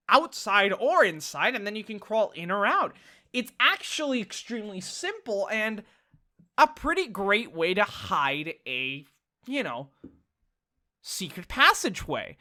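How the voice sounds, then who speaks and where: A woman giving casual, excitable commentary while playing a detective game, swearing freely and reasoning out loud. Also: a little high. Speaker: let's play gamer.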